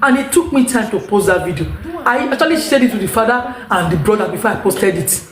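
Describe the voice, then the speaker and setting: A woman's voice: mid-range voice, lively intonation, fast talker. Emphatic Nigerian woman in an echoey room. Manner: emphatic, rambling, repeats herself. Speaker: vlogger. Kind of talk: unscripted monologue to viewers.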